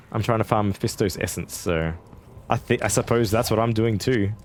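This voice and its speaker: Speaking fast in a voice on the low side, a man in his twenties streams a game, rambling casually and chatting with viewers between fights. There's slight background noise.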